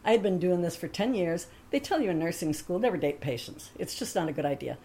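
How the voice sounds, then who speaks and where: A woman's voice: fairly low pitch, lively intonation, fast talker, dark tone, a little hiss or hum. Chatty woman telling a personal story. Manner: chatty, laughs often, acts out the other voices in her stories.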